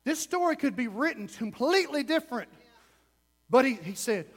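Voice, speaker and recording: A man preaches in a church, impassioned and swinging between loud emphasis and hushed asides. His voice sits unusually high for a man. A long hall echo follows each phrase. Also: sing-song, normal speed. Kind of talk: sermon.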